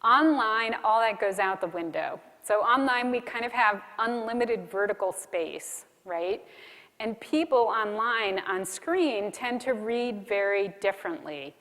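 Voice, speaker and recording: A woman delivers a conference keynote in a friendly, practical, instructive way. Her voice sits at an ordinary middle pitch. A long reverb tail from the hall hangs around every phrase. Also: unhurried, a bit bright. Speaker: keynote speaker.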